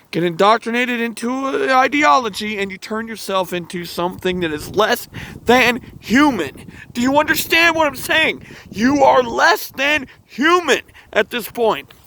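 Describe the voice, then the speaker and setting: A man hosting his own channel, delivering a heated, emotional monologue to camera, swearing often and pausing to sigh. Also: high-pitched, a bit bright, a little hiss or hum. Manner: angry, profane ranting with sighs and restarts. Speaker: channel host.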